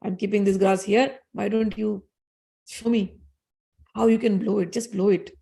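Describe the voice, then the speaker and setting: Woman putting on serene goddess, amused, soft challenge, storytelling. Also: medium pitch, fairly even intonation, normal speed, creaky, close to an everyday voice. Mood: teasing. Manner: coolly amused, gently challenging. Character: calm, teasing goddess testing proud gods.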